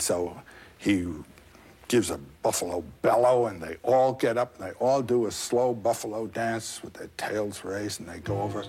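A man retelling a folk tale in an interview, animated and digressive, with a scholarly turn. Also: mid-range voice, moderate pace, soft background music. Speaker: guest storyteller.

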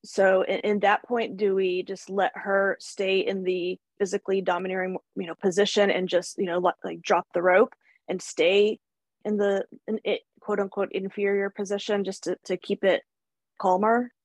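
Brief: woman host, relaxed and hesitant storyteller, dry recording. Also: mid-range voice, moderate pace, no room sound. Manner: conversational, hesitant, laughs lightly while telling stories. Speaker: podcast host and mother. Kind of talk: podcast interview.

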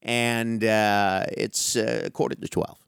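A middle-aged man telling a long, animated, profane story in casual chat with a friend. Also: lowish voice, slow pace, creaky, smooth, no room sound, clean studio sound. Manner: animated, profane, calls listener dude.

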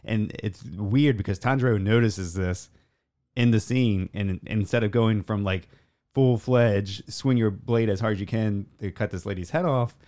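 A man's voice: on the low side, normal speed, mellow. A man casually recapping an anime episode on a podcast, rambling with many fillers and acting out the characters' lines. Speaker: podcast co-host.

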